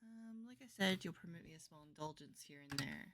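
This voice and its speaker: A woman's voice: lowish voice, lively intonation, brisk, crowd noise. A very tired woman streaming a game, reading its story aloud in a sleepy, rambling way. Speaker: gameplay streamer. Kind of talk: reading a visual novel aloud while playing.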